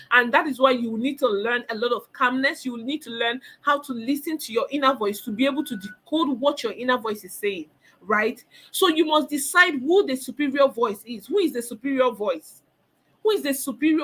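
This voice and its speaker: A woman's voice: high voice, bright, forceful tone. A woman giving a motivational counseling talk, emphatic, repeating phrases and acting out the voices she describes. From Nigeria.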